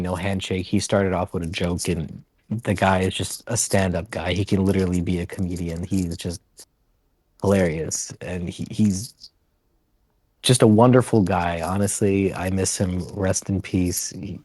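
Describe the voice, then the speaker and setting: A man's voice: sits low, a little mellow, no echo. A man being interviewed on a podcast, telling loose rambling stories and laughing as he goes. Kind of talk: casual storytelling interview.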